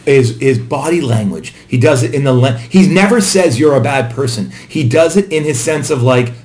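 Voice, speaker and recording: A man's voice: medium pitch, lively intonation, normal speed, a little mellow. A middle-aged man co-hosting a podcast, talking candidly in casual conversation and sometimes acting out quoted lines. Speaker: podcast co-host. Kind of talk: casual conversation, personal reflection.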